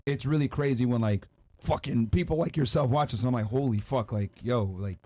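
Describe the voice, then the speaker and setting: A man co-hosting a podcast in casual chat, with fast, excited, swearing banter. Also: mid-range voice. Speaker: podcast co-host.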